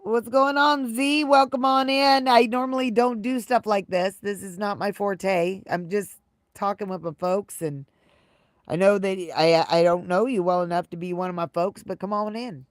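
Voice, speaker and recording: A woman's voice: medium pitch, steady tone, moderate pace, no echo. Woman streamer rambling thru a story, says stuff twice, dry close sound. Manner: rambling, repeats phrases often. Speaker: live streamer chatting with viewers. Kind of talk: casual livestream storytelling.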